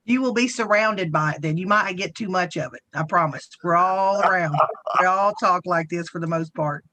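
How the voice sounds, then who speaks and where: A woman's voice: lowish voice, moderate pace, sharp tone. A woman with a Southern US accent, co-hosting a casual round-table livestream in a folksy, rambling way. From Southern United States. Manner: chatty, folksy, rambling with frequent restarts. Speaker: co-host.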